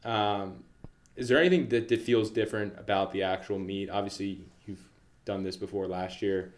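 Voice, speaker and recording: A man's voice: on the low side, fairly even intonation, normal speed. A man co-hosting a campus sports podcast, asking long, rambling questions with "you know" fillers. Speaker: podcast co-host. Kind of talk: casual interview chat.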